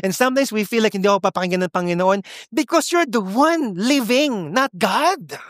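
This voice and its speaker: A man, preaching a sermon at a church service in a lively way that mixes English and Tagalog. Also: high-pitched, a little fast, dry recording, studio quality. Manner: animated, switching between English and Tagalog, laughs often. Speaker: pastor.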